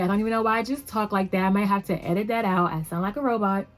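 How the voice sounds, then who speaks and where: A woman's voice: mid-range voice, fairly even intonation, very fast. A woman hosting a casual makeup tutorial at home, chatty and upbeat, rambling a little with fillers as she talks to the camera. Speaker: beauty vlogger.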